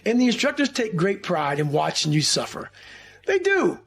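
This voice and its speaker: A man's voice: high voice, huge pitch swings, moderate pace, creaky, slightly rough. A man telling a war-training story in an intense, profane motivational style. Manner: intense, swearing, acts out quoted shouts. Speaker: former special forces trainee telling a story.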